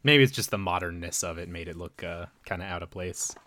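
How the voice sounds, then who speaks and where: Low-voiced man recapping a movie. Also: bright, forceful tone. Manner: rambling, filler-heavy retelling with quick voiced quotes. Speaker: podcast co-host. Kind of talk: casual movie recap chat.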